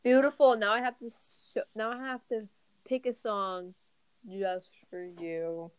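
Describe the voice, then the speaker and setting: A podcast co-host speaking in a slow, low-key, teasing way during casual chat. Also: level tone, smooth.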